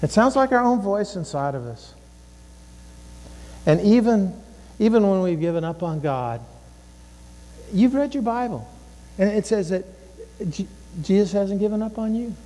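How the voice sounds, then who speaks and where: Impassioned pastor preaching in a reverberant hall. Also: male voice, high voice, animated, unhurried, pauses often, warm tone. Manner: impassioned, acts out inner voices, repeats phrases. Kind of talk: sermon. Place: church sanctuary.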